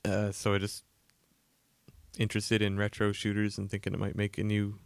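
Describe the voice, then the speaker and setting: A man, an indie game developer, chatting casually and a little croaky from a cold while he codes on a livestream, rambling and self-deprecating with lots of fillers. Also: completely flat delivery, normal speed, dry recording. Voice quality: gravelly, lower than usual. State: croaky, getting a cold, yawning. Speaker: indie game developer streaming his work. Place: home room, cold.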